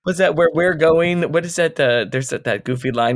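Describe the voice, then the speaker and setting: Male podcast co-host, slightly high voice, dry sound, quick jokes and frequent laughs. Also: no room sound. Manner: laughs often, chimes in with jokes. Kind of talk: casual book-discussion podcast.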